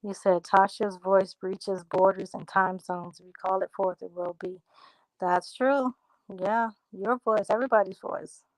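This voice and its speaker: Relaxed woman chatting with viewers. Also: medium pitch, a little slow, no echo, rough recording. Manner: talks straight to viewers, reads out comments and answers them; drifts into a relaxed country drawl. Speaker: livestream host answering viewer comments. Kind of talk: casual livestream chat.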